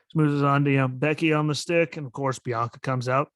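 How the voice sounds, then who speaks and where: A man hosts his own podcast and rants into a close, dry mic. He sounds skeptical and exasperated, sprinkling "like" and "literally" through his talk, and his voice sits at an ordinary middle pitch for a man. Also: steady tone, brisk, no room sound. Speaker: podcast host. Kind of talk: solo wrestling commentary podcast.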